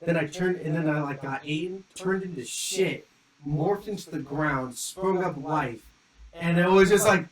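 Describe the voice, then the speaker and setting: A young podcast co-host with a slightly high voice speaks a bit slowly, casually spinning a long, rambling story packed with "like" and lively acted-out quotes. The audio is poor, with a crowd audible behind him.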